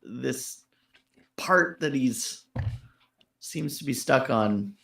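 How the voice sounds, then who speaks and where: A man's voice: medium pitch, expressive, very slow, vocal fry, a bit bright, reverberant. A man co-hosting a casual show, giving laid-back, rambling feedback on a listener's track with lots of fillers. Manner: laid-back, rambling with fillers, laughs at his own jokes. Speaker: co-host reviewing listener tracks. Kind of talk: casual critique chat.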